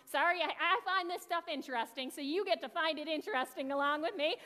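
A woman's voice: high voice, quick pace, sharp tone. Woman pastor preaching, chatty and conversational, lots of church echo. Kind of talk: sermon. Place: church sanctuary. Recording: long church reverb.

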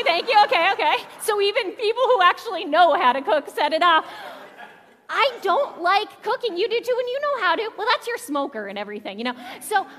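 A woman's voice: extremely high pitch, pushed and bright, in a large hall. A young adult woman pastor giving a conversational sermon, talking directly to the congregation with questions. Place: church sanctuary.

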